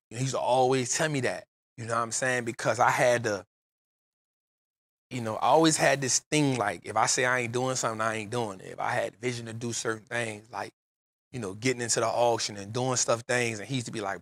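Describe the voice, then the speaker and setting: A man's voice: medium pitch, steady tone, brisk, fairly bright tone, dry recording, studio quality. A man hosting a podcast, telling an emotional personal story in casual street slang. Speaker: podcast host. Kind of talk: casual chat.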